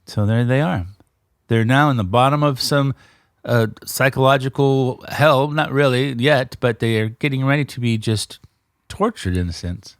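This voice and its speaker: A man hosting a casual podcast, retelling a story with animated energy and often checking in with his listener. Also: medium pitch, moderate pace, clean tone, no echo, clean studio sound. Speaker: podcast host.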